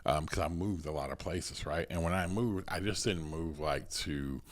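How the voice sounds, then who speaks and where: An American man who is a pastor and podcast host, telling stories in an energetic, conversational way with many restarts. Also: sits low, normal speed. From United States.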